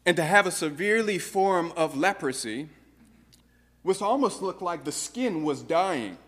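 Pastor guy preaching a sermon, kinda high voice, earnest, asks the crowd questions, big echoey church. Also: animated, normal speed, a bit bright. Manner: earnest, rhetorical questions to the congregation.

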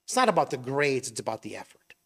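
A man's voice: mid-range voice, big pitch swings, quick pace, fairly bright tone, breathy edge. A middle-aged man giving a conversational sermon, asking rhetorical questions and briefly acting out imagined voices. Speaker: preacher.

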